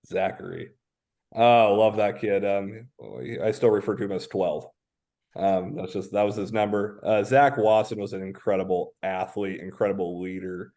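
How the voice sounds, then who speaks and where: A man in his thirties from Washington State, a high school football coach telling stories as a podcast guest. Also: fairly even intonation, normal speed, warm tone. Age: 30s. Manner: reflective, anecdotal, many "um" fillers. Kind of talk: casual podcast interview.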